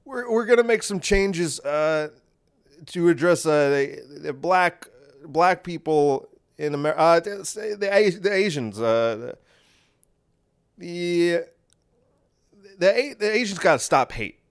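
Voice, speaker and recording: Brief: a man doing a flustered elderly male politician who stammers and loses his words, pushed up high. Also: expressive, smooth. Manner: halting, stammering, trailing off.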